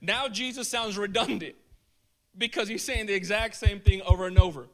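A man preaching a casual, animated sermon in a colloquial way, chuckling as he goes. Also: sits high, moderate pace.

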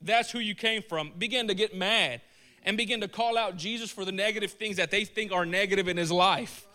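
A man preaching a casual, animated sermon in a colloquial way, chuckling as he goes. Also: high voice, fairly quick.

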